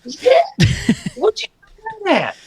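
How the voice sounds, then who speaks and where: Animated high-voiced man telling stories. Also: takes it slowly, slightly rough. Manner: animated storyteller, acts out quoted dialogue with shouts. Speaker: podcast co-host. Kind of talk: casual chat.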